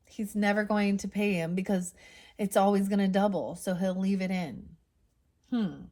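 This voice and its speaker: A woman's voice: mid-range voice, steady tone, normal speed, dark tone. A woman tarot reader making chatty, musing asides while reading a story aloud.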